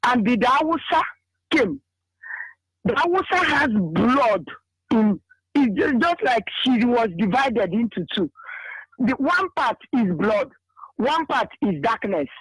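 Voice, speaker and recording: A man with a Nigerian accent recounts a vision on a radio show in a repetitive, emotional, halting way. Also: very high-pitched, expressive, fairly bright tone, breathy edge, dry recording, rough recording.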